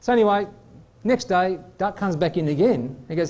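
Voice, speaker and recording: A man hosting a comedy show, telling quick bar jokes and laughing at them. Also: sits high, lively intonation, warm tone, slight background noise. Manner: jokey, chatty, laughs at his own jokes. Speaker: host. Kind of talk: stand-up joke telling.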